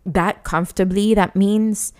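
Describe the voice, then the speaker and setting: A woman's voice: medium pitch, steady tone, unhurried, a little mellow. A woman co-hosting a podcast, talking earnestly and with rising indignation, with frequent restarts. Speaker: podcast co-host. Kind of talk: casual chat.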